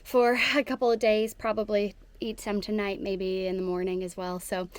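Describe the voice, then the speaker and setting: A woman's voice: mid-range voice, flat delivery, moderate pace, clean tone, dry recording. A young woman with a Southern US accent, chatting cheerfully to camera while walking a hiking trail outdoors and laughing often. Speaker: hiking vlogger. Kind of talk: casual hiking vlog narration.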